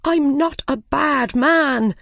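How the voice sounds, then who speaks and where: A man's voice: lively intonation, takes it slowly, a bit bright, dry recording, clean studio sound, heavily acted. A woman voicing a nervous, frightened hatter with a raised, pleading voice. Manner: higher pitched, anxious, pleading.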